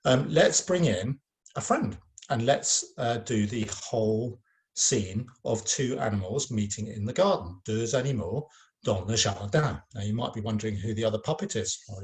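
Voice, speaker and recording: A man's voice: lowish voice, animated, normal speed, a little mellow. A man teaching a recorded lesson to children in an informal, encouraging way, with frequent ums and uhs.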